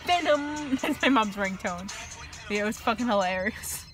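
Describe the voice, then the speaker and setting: Young woman vlogger, mid-pitched, rambling bathroom chatter full of swearing. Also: normal speed, over music. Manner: chatty, rambling, swears a lot and laughs often. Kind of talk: casual chat. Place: bathroom, in a towel.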